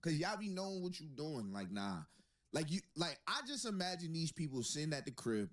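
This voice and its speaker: Speaking a little fast, a man with a slightly high, sing-song voice hosts a podcast. His commentary is incredulous and joking, full of laughter during casual banter.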